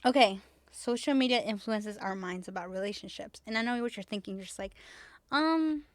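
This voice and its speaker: A woman's voice: mid-range voice, normal speed, no echo. A woman hosting a podcast in casual chat, talking emphatically with lots of "like", repeating herself and swearing freely. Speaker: podcast host.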